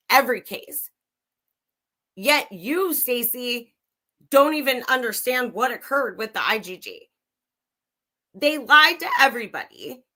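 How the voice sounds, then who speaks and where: Young woman, bright tense voice, sarcastic, profane, angry true crime livestream rant. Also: a little high.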